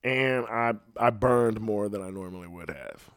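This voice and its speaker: A man hosting a casual podcast, rambling and swearing freely, swinging between loud outbursts and low muttering into a podcast microphone. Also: a little slow, clean tone, dry recording, studio quality. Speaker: podcast host.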